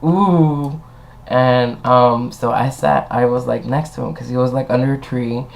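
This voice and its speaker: A young man vlogging a casual storytime rant, animated and sassy, swearing freely and acting out both sides of an argument in voiced quotes. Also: mid-range voice, normal speed, creaky.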